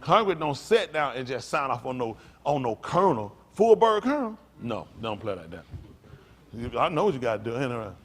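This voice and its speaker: A male pastor delivers a folksy sermon at a fairly quick pace in a husky voice, calling out to his congregation. His animated preaching leaps up into loud, high bursts for emphasis, then drops back to low, quiet lines.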